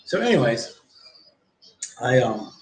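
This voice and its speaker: A man's voice: medium pitch, big pitch swings, takes it slowly. A man in his forties telling a long, rambling story on a livestream, swearing often and acting out what others said. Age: 40s. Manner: profane, rambling, acts out others' lines in quotes. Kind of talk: rambling first-person storytelling. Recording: echoey room with faint background noise.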